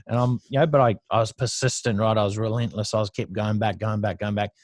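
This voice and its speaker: A man's voice: on the low side, steady tone, fast, no echo. An Australian man in his thirties, a podcast guest, telling stories from his past in a blunt, profane, casual way with frequent laughs. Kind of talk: casual storytelling interview.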